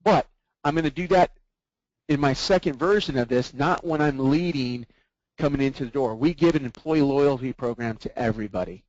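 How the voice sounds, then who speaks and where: A man leading a sales training webinar, often checking in with his listeners through quick rhetorical questions. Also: mid-range voice, darkish tone, no echo, highs cut off.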